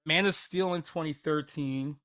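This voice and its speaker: Bright-voiced man in casual movie chat. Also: a little high, normal speed. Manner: blunt, laughs often, trails off mid-sentence. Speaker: podcast co-host.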